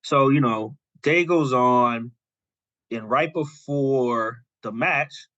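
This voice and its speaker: A man's voice: mid-range voice, takes it slowly, pushed and bright, no echo, muffled recording. A male podcast co-host in casual chat, animatedly retelling a story and quoting characters.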